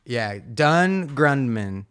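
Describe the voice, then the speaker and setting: A man's voice: mid-range voice, expressive, drawn-out words, fairly bright tone, smooth. A man hosting a casual reaction stream, talking bluntly with lots of swearing and filler words. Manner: profane, emphatic, rambling with many fillers. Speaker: streamer host.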